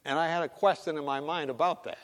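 Guy preaching a story, high voice, acts out everyone, whispers sometimes, echoey hall. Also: steady tone, fast talker, crowd noise. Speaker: speaker telling a story from his hospital work. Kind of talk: sermon storytelling.

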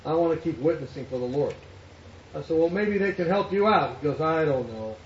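A man's voice: fairly high pitch, lively intonation, brisk, slight background noise. A man preaching as a pastor, telling a story and acting out the voices of the people in it. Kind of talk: sermon storytelling. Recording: echoey hall, distant mic, dull sound.

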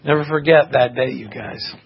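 Male preacher, mid-pitched, earnest testimony; dull lo-fi recording with faint hiss. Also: steady tone, moderate pace. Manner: earnest, impassioned storytelling. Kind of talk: sermon with personal testimony. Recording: muffled recording with faint background noise.

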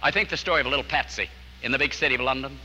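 A man preaching a storytelling sermon, earnest, dropping to a hush at key lines. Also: medium pitch, very fast, big-room sound, a little hiss or hum, rough recording.

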